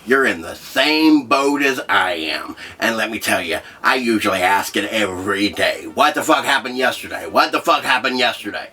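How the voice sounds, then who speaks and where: An actor playing a crude, rambling trailer park leader who hosts a comedy show, with a profane way of talking. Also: male voice, medium pitch, sharp tone. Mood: brash. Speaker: comedy show host character. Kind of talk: scripted comedy monologue.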